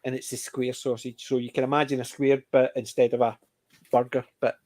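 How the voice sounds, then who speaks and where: A man's voice: mid-range voice, little pitch movement, fairly quick, darkish tone. A middle-aged Scottish man hosting a casual panel chat, rambling through stories with frequent restarts. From Scotland. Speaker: panel host.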